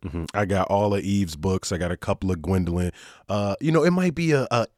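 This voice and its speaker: Low-voiced guy hosting a podcast, laid back, dry close mic. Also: fairly quick, no room sound. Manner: relaxed, easygoing, says y'all and uh often. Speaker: podcast host. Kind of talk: casual news podcast chat.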